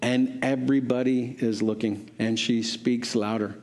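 A man's voice: steady tone, a little slow, hardly any pauses, a little mellow. A man preaching, telling a story in a sermon and acting out the voices of the people in it. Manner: acts out quoted voices, pitch rising for characters.

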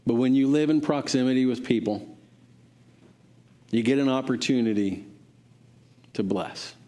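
A man's voice: unhurried, warm tone. A man preaching, telling a story in a sermon and acting out the voices of the people in it. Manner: acts out quoted voices, pitch rising for characters.

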